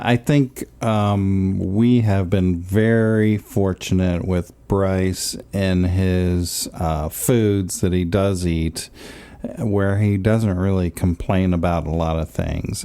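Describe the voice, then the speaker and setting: Low, warm-voiced joking man. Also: fairly even intonation, slow pace, clean tone. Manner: playful, joking. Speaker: podcast co-host. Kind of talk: casual chat.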